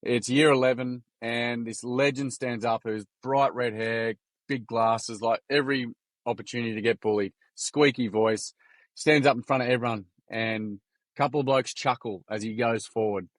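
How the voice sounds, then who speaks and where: A man's voice: mid-range voice, fairly even intonation, normal speed, dry recording. An Australian man, a podcast guest, telling stories in a frank, earnest way with casual swearing. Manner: frank, earnest, salty storyteller. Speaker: podcast guest, youth workshop founder. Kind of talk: casual storytelling.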